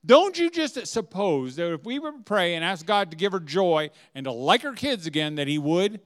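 A man's voice: a little high, very animated, moderate pace, a bit bright. A middle-aged man giving a humorous, inspirational talk to a homeschooling audience, chatty and often laughing as he acts out dialogue. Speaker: speaker at a homeschooling event.

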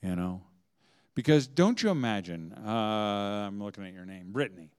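A man's voice: fairly low pitch, lively intonation, moderate pace, clear, resonant tone. A middle-aged man giving a humorous, inspirational talk to a homeschooling audience, chatty and often laughing as he acts out dialogue. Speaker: speaker at a homeschooling event.

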